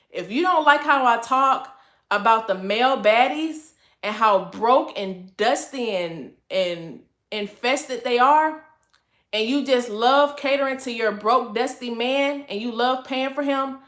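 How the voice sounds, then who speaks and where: A high, bright woman's voice holds a sassy, scolding livestream rant. She keeps her delivery deliberately calm, tossing "honey" at her viewers again and again. The sound bounces around an echoey room. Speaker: livestream host.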